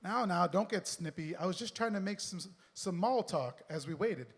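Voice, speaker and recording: A man voicing a nosy, pushy bus driver who talks in rough slang and scolds, read aloud on stage with a long hall reverb. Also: high voice, expressive, normal speed.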